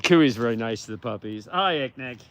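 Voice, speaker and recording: A man who looks after wolves, talking casually and warmly as he walks among them outdoors. His voice is mid-pitched and very lively, jumping high whenever he coos at an animal. A faint outdoor hum sits underneath. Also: brisk. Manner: affectionate, cooing at the animals. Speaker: wolf sanctuary caretaker answering viewer questions. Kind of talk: casual live walk-and-talk. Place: outdoors in a wolf enclosure.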